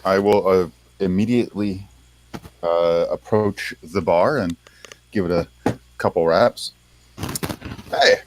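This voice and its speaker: A man's voice: low voice, unhurried, pauses often, a little mellow, a little hiss or hum, low-quality recording. A man playing a tabletop game, joking and wisecracking while speaking in character. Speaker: player. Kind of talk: casual tabletop role-play.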